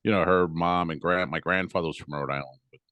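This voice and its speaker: A man with a low voice trades blunt, sweary teasing on a casual comedy podcast. The sound is close and dry, caught over a video call from home. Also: steady tone, fast talker, pushed and bright, dry recording, muffled recording. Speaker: podcast co-host. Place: home in Tampa area.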